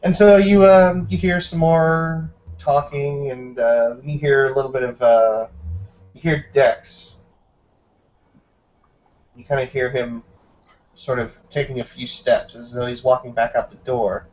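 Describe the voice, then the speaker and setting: A man's voice: mid-range voice, steady tone, measured pace, long pauses, darkish tone, muffled recording. A man narrating a tabletop game as game master, describing scenes loosely with many hedges.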